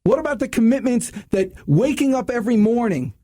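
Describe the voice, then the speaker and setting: A man hosting a sales radio show, talking high and swinging his pitch all over. His voice is mellow and warm even when he gets loud and preachy. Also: brisk. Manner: animated, preachy, laughs at himself. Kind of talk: sales talk radio monologue.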